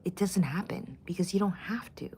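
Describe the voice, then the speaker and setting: A woman's voice: fairly low pitch, moderate pace, very noisy. A middle-aged woman vlogging in casual chat, blunt, profane and opinionated.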